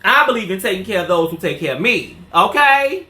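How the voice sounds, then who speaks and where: Sassy high-voiced man in a roomy salon. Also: big pitch swings, a little fast, pushed and bright. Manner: sassy and chatty, calls viewers girl and honey. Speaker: hairstylist and salon owner. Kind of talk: casual live chat with viewers during a salon tour. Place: small indoor hair salon. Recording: roomy small-room sound.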